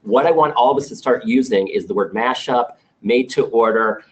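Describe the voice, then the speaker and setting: A man's voice: medium pitch, normal speed, lo-fi sound. A man presenting new products to his sales team in a business meeting, upbeat as he runs through specs with small restarts.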